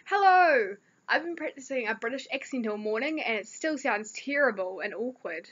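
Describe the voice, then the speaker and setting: A teenage girl with a New Zealand accent chats to her camera with a slightly high voice. She rambles through a story with plenty of fillers. The recording sounds dull and lo-fi. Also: expressive, fairly quick, a bit bright. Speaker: vlogger. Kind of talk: casual chat.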